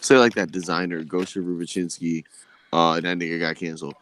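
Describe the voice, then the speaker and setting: A man's voice: low voice, flat delivery, a little fast, fairly bright tone, slight background noise. A man in a casual podcast chat who talks bluntly in offhand slang. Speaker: podcast co-host.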